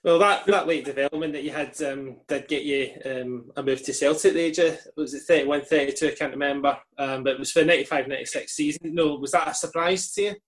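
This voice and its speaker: A man interviewing a guest, asking questions haltingly with fillers. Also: a little high. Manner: hesitant, with fillers.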